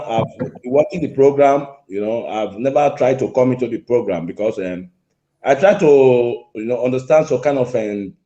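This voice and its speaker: A man's voice: mid-range voice, warm tone. Insistent male caller on an echoey line. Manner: repetitive, insistent, interrupting. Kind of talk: angry call-in complaint. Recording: echoey lo-fi phone call.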